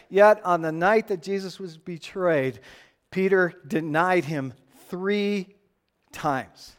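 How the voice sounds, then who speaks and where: A man preaching a sermon to a congregation in an emphatic, animated way. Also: high-pitched, unhurried. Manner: animated, emphatic preaching with playful acted-out voices. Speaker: pastor.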